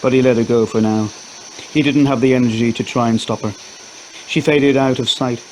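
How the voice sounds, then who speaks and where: Guy reading a spooky story, mid pitch, faint hiss behind. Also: rough recording. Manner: steady, measured storytelling. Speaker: narrator. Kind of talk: scripted horror story narration.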